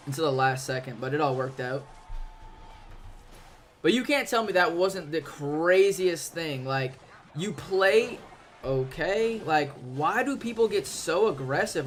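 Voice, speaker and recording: A young man giving excitable, slangy live commentary on his gameplay while streaming, with sudden loud outbursts. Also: on the high side.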